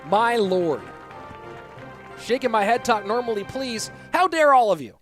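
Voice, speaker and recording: A man's voice: high voice, brisk, soft background music. A man putting on a playful Scottish caster. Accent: put-on Scottish. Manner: excitable, playful, teasing. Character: man casting in a put-on Scottish accent. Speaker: esports caster. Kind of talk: live esports commentary.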